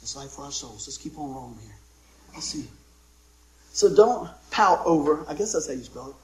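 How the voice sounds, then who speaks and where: A man's voice: fairly high pitch, animated, moderate pace, a little mellow, echoey room, slight background noise, low-quality recording. A middle-aged man preaching a sermon, telling folksy jokes and stories and calling out for amens from the congregation. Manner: folksy, joking storyteller with call-and-response amens. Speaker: pastor.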